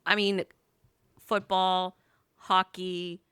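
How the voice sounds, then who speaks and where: A woman's voice: on the low side, level tone, drawn-out words, a bit bright, clear, resonant tone, no room sound, studio quality. A young woman chatting as a podcast guest, teasing and laughing easily. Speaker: podcast guest, host's sister. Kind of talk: casual chat.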